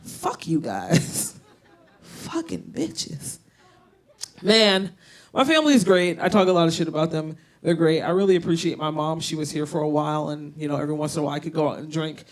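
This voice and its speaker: A young woman with a Southern US accent doing a loud, profane, self-mocking stand-up set on a bar stage. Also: sits low, racing, few pauses. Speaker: stand-up comedian. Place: comedy bar stage, live audience.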